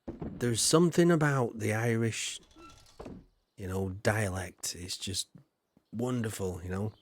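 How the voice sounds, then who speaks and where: A man's voice: on the low side, takes it slowly, a little hiss or hum. Chatty Yorkshire man streaming. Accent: Yorkshire English. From Yorkshire, England. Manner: chatty, rambling, mild swearing, frequent "you know". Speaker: game streamer. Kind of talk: casual live-stream chat.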